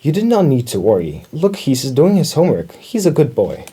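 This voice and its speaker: A man voicing a calm, reassuring father mouse in a children's storybook. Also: fairly high pitch, a little fast, a little hiss or hum, voice pushed up.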